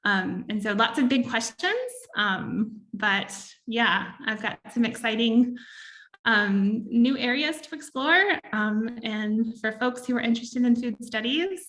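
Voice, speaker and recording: A woman's voice: on the high side, lively intonation, unhurried, a bit bright. Woman giving an academic talk, full of ums. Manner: thoughtful, many ums. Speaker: author and speaker. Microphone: video call.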